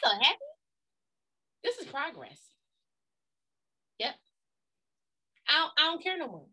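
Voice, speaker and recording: A woman's voice: high voice, wildly swooping pitch, measured pace, long pauses, pushed and bright. A woman co-pastor giving a preaching-style talk on a livestream, emphatic, folksy and blunt, leaning on repeated catchphrases.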